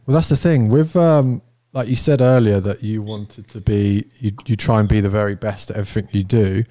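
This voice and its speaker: A man's voice: lowish voice, steady tone, brisk, dark tone, no room sound, studio quality. A young man in casual chat, speaking eagerly and explaining with vivid everyday comparisons. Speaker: podcast co-host.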